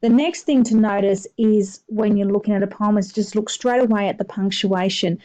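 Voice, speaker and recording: A woman's voice: mid-range voice, moderate pace, dark tone, poor audio. A woman English teacher talking through a poem in a recorded lesson, explaining at an easy pace with many hesitations and fillers.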